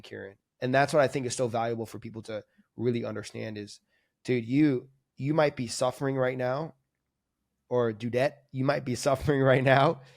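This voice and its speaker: A man's voice: medium pitch, no room sound, studio quality. A man speaking as a guest on a coaching podcast, candid and rambling, full of filler words and restarts. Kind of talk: candid conversational reflection. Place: lives in Argentina, remote podcast.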